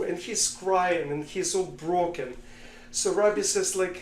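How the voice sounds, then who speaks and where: A man co-hosting a podcast, talking politics casually in a halting way and telling jokes. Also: high-pitched, roomy sound. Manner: halting, with many fillers and restarts, telling jokes. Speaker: podcast co-host.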